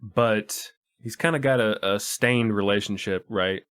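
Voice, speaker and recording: A man's voice: on the low side, measured pace, fairly bright tone, smooth. A man co-hosting a casual movie podcast, laid-back and profane, often restarting his sentences. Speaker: podcast co-host. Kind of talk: casual movie-review chat.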